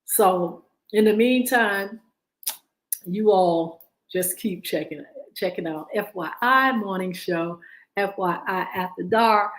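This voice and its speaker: A woman's voice: mid-range voice, poor audio. Preachy woman radio show host. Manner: preachy and exhortative, with repetition. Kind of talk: talk radio monologue.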